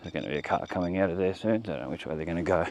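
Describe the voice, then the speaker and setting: An Australian walking-tour vlogger talks very fast in a low, slightly mellow voice with lively intonation and vocal fry. Carrying his own camera along a rural roadside, he chats in a meandering, unplanned way and lets sentences trail off.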